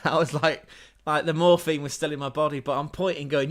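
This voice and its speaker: This English man's voice is fairly high and steady, at a moderate pace. Hosting a livestream, he tells a rambling anecdote in casual, sweary speech, frequently correcting himself.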